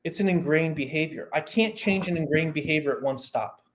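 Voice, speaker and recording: A man in casual podcast talk, telling a story with a lively, rising and falling voice. His pitch sits a little high for a man, and he breaks up his explanations with quick asides. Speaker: performance coach guest.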